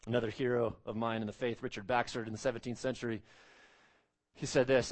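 A man's voice: medium pitch, little pitch movement, quick pace. A man preaching an expository sermon as pastor, earnest and emphatic, repeating phrases and stretching out key words.

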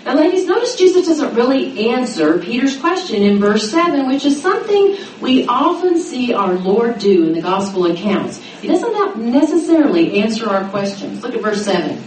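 A middle-aged woman teaching a sermon to a women's gathering, acting out the quoted voices with lively pitch. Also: normal speed, few pauses. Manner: animated, dramatizing quotes with rising pitch. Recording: roomy echo, mic at a distance, faint noise.

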